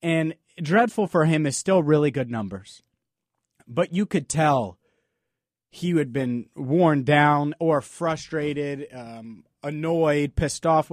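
A man's voice: a little high, dry recording, studio quality. A man hosting a sports talk podcast, delivering an emphatic, opinionated monologue full of rhetorical questions. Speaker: podcast host.

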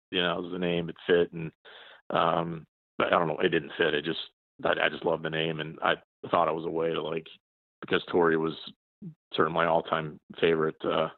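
Deep-voiced man on a tinny phone line. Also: creaky, no echo. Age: 40s. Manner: rambling, many restarts and fillers. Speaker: journalist guest. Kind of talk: casual interview chat.

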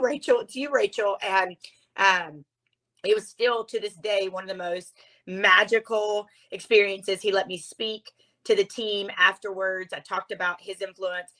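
A woman guest in an interview, telling a personal story in a heartfelt, animated way, at times close to tears. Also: medium pitch.

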